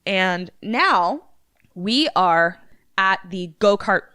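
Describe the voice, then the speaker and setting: A woman co-hosting a podcast, casually retelling a movie plot with swearing and animated character voices. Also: medium pitch, very slow. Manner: animated storyteller, acting out characters' lines. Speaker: podcast co-host.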